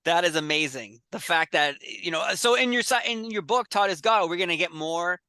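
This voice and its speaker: A man's voice: high-pitched, lively intonation, moderate pace, pushed and bright, clean tone, dry recording. A man hosting an interview, eager and gushing as he asks about the guest's book. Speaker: interviewer, host. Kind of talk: enthusiastic interview chat.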